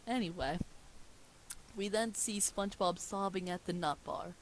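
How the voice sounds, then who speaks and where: A woman's voice: fairly low pitch, measured pace, slight background noise, low-quality recording. A young woman casually reading a cartoon script aloud, breaking into giggles and chatty asides. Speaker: script reader.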